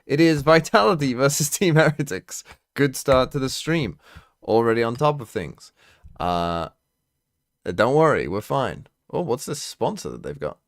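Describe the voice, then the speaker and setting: A man's voice: medium pitch, big pitch swings, a little slow, dry recording. Chatty male streamer, dry close mic. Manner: chatty, thinks aloud, thanks viewers between remarks. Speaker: streamer hosting a watch party. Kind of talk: casual live-stream co-commentary.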